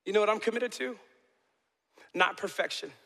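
Middle-aged guy preaching a sermon, passionate then hushed, bright sharp voice. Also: high voice, normal speed, creaky. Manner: passionate, builds to shouting then drops to soft and intimate. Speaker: pastor. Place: large church sanctuary. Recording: long reverb of a large hall.

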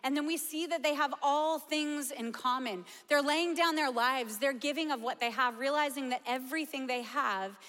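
A woman preaching a sermon, telling a story with lively energy and laughing now and then. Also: high voice, normal speed, hardly any pauses, in a large hall. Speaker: pastor.

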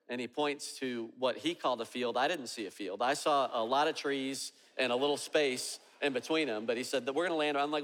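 A man's voice: mid-range voice, brisk, hardly any pauses, a bit bright. A man preaching a sermon, telling a story and acting out both sides of the dialogue. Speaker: pastor. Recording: long reverb of a large hall.

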